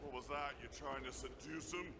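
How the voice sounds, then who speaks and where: A man's voice: mid-range voice, fairly even intonation, a little fast, gravelly, big-room sound, very noisy, lightly acted. A man voicing a dry, sarcastic adventurer in video game dialogue.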